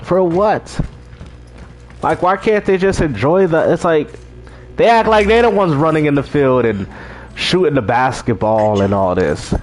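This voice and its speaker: A laid-back man hosts a live stream, reading out chat messages and talking casually with viewers. His voice sits a little high and moves up and down a lot. He laughs easily.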